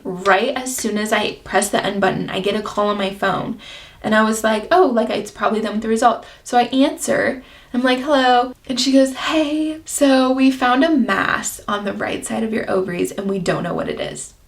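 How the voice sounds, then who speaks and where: A woman's voice: medium pitch, moderate pace, vocal fry. A woman of twenty chatting as a beauty vlogger, telling a personal story full of "like" and acting out her own past reactions. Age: 20s. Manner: chatty, filler-heavy storytelling with many "like"s. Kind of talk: casual get-ready-with-me chat.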